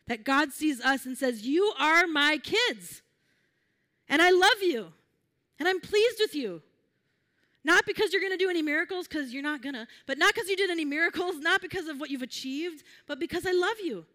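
A woman with a slightly high voice delivers a sermon to her congregation. She talks in a gentle, earnest, conversational way, often restarting her sentences as she guides listeners through imagining a scene. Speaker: preacher.

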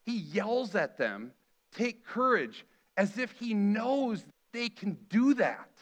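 A man's voice: high-pitched, big pitch swings, slow pace. A middle-aged man preaching a sermon earnestly, acting out the quoted lines with feeling. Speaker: pastor.

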